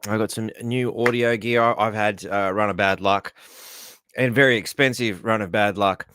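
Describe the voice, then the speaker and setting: A man's voice: fairly low pitch, fairly even intonation, moderate pace, a bit bright, clear, resonant tone, dry recording. An Australian man hosting a casual live stream from home, chatting loosely and greeting viewers by name. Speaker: livestream host.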